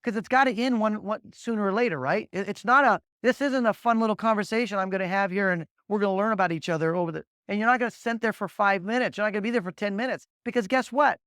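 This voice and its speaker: Middle-aged male sales coach, high-pitched, lively, dry close sound, plays out small-talk examples. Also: fast talker, few pauses, clear, resonant tone, no room sound. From Las Vegas, Nevada. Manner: animated, acts out sample dialogues, repeats words. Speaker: sales trainer. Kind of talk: energetic training talk.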